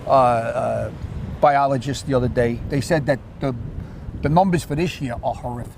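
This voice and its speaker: A man with a New York accent, chatting casually about fishing and telling animated stories, repeating and restarting his words. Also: mid-range voice, normal speed, creaky, noisy background. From Queens, New York. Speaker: surf fisherman. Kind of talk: casual chat.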